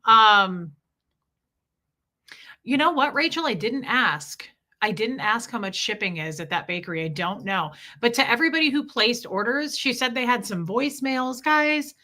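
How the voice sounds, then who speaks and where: Woman host on a livestream, fairly high voice, chatty, going thru her viewers' names. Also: animated, normal speed, sharp tone. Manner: greets viewers by name one after another. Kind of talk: casual livestream chat.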